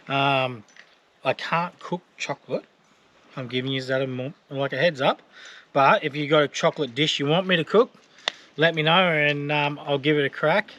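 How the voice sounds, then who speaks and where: Bright-voiced Australian man cooking on camera. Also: fairly high pitch. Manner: loose, joking, rambling talk with fillers. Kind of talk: casual cooking vlog chat.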